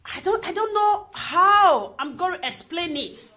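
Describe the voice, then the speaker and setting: A woman with a Nigerian accent speaks straight to her viewers in a very high, bright, sharp voice. She is emphatic, repeats her phrases for weight and keeps firing rhetorical questions. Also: expressive, a little slow. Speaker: vlogger. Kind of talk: impassioned opinion monologue to camera.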